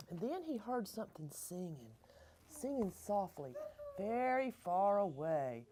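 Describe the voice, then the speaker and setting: A woman's voice: a little high, very animated, moderate pace. A woman reading a picture book aloud to children as a librarian, coaxing them to act along.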